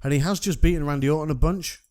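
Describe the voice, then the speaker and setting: A man's voice: a little high, fast, darkish tone, dry recording, studio quality. A young man co-hosting a podcast, chatting about wrestling in a wry, sarcastic, teasing way. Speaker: podcast co-host. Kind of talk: casual wrestling chat.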